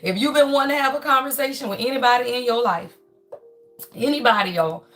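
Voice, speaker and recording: A woman's voice: fairly high pitch, fairly quick, soft background music. A woman hosting a spiritual reading live stream, talking casually and preaching bluntly, with lots of cussing, and calling her viewers "y'all" over and over. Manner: blunt, profane, calls the audience "y'all" constantly; lively, preachy and emphatic. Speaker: spiritual reading channel host. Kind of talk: casual livestream chat.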